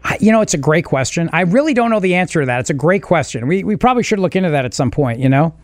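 A man hosting a talk radio show, joking and bantering with quick asides. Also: fairly high pitch, no room sound. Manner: animated, joking, rapid asides. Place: radio studio. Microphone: studio mic.

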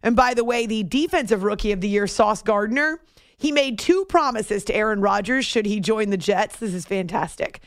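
A woman hosting a late-night sports radio show, chatting quickly with laughs and asides. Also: medium pitch, dry recording, clean studio sound. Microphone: studio microphone.

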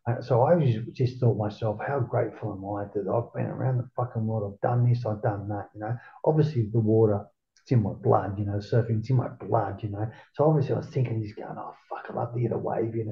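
A man's voice: lowish voice, creaky. A man in his forties with an Australian accent telling stories in a casual interview, swearing freely and acting out his own past words. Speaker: interview guest. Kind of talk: casual storytelling. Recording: roomy, dull lo-fi sound.

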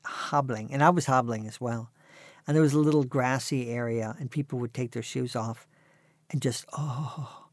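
A man's voice: mid-range voice, fairly even intonation, normal speed, no echo. Dry, wry man in his sixties. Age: 60s. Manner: dry, wry anecdotal delivery. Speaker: interview guest. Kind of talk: conversational storytelling.

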